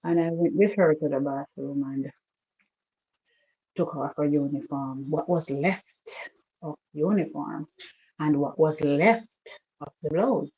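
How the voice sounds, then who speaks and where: A woman telling an emotional personal story in a halting way, restarting and repeating her sentences. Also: low-pitched, dull audio.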